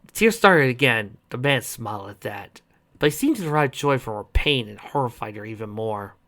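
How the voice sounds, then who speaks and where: A man's voice: medium pitch, animated, normal speed, pushed and bright. A man narrating a story dramatically and expressively, adding asides to listeners. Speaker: audiobook reader.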